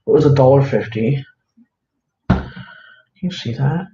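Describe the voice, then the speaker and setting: A man's voice: mid-range voice, a little slow, warm tone. A man chatting casually on a livestream, rambling with lots of fillers as he shows his crafts to viewers. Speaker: live-streaming craft seller. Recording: roomy, dull lo-fi, faint hiss.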